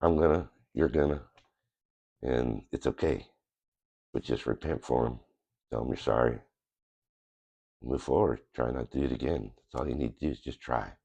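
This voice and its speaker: Still nasal from a cold he's getting over, this man gives a casual testimony of faith to his channel. His rumbling low voice moves at normal speed with vocal fry, long pauses, a warm, slightly rough tone, and muffled highs, and he rambles in an earnest, plain manner.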